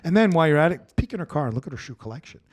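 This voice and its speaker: Talking rapid-fire in a voice on the high side, this Brooklyn, New York man hosts a laid-back comedy podcast. He's animated, curses freely, and keeps starting his sentences over.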